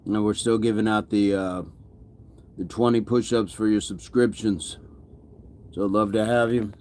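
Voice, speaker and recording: A man's voice: lowish voice, fairly even intonation, normal speed, a little mellow. A man hosting a fitness livestream, upbeat and chatty, reading viewer comments, greeting people by name and laughing often.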